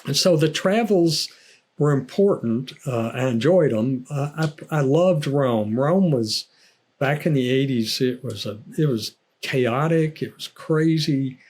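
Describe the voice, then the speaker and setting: A husky older man with a Southern American drawl, talking as an author guest in a relaxed interview. He tells his stories at a chatty, easy pace and laughs often between them. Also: mid-range voice, a little slow. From United States. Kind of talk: casual interview chat.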